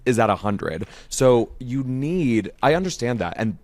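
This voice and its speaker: A man's voice: mid-range voice, big pitch swings, a little slow, darkish tone, no echo. A man co-hosting a podcast, recapping an episode in casual, enthusiastic chat. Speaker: podcast co-host.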